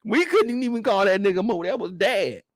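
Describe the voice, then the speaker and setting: A man hosting a live after-show stream, reacting to a TV episode in animated, joking, casual commentary aimed straight at his viewers. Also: high voice, normal speed, no echo, studio quality. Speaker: host reviewing a TV episode.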